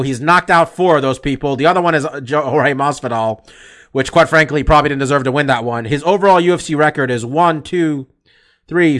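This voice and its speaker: A man's voice: a little high, fairly bright tone. Blunt, profane man hosting a chat. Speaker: podcast host. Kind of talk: casual sports chat.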